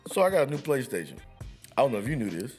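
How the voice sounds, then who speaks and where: A man co-hosting a casual sports podcast, telling animated, profane stories and laughing often. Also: medium pitch, very fast, faint music behind. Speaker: podcast co-host.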